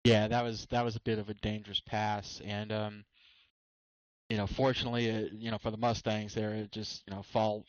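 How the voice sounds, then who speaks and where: A man's voice: fairly low pitch, level tone, moderate pace, dry recording, highs cut off. A man doing easygoing color commentary on a football game, with frequent fillers and hedges. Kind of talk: casual game analysis.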